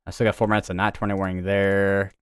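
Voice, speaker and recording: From a home room equipped with a green screen, a young US man runs a casual weather livestream, talking fast in a low, clean-toned voice with flat delivery. He rambles and chats, correcting himself as he goes.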